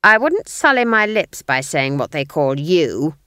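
A woman reading the part of a stern, proud old female witch, speaking flatly with clipped, cutting lines. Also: low voice, normal speed, no echo, clean studio sound. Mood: scornful.

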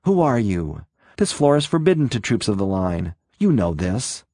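A man's voice: lowish voice, very animated, normal speed, warm tone, dry recording, clean studio sound. A man doing a tense, urgent armed man. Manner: urgent, snapping, commanding.

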